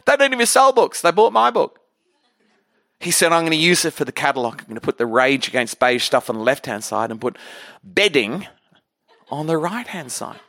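Male guest preacher, high bright tone, energetic humorous storyteller. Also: normal speed, long pauses, dry recording, studio quality. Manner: energetic, humorous, repeats words. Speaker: guest pastor. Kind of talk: storytelling sermon. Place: church hall.

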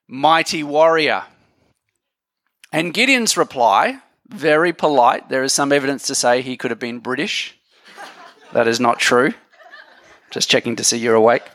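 A man's voice: fairly high pitch, fairly bright tone, dry recording, clean studio sound. A man preaching a sermon in a conversational, joking way, talking with his audience.

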